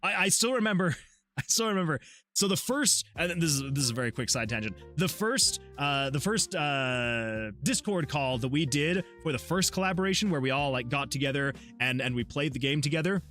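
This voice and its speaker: A man's voice: a little high, animated, brisk, fairly bright tone, soft background music. A man, a solo game developer, chatting casually on his livestream, laughing often and reading chat messages aloud. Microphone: USB desktop mic.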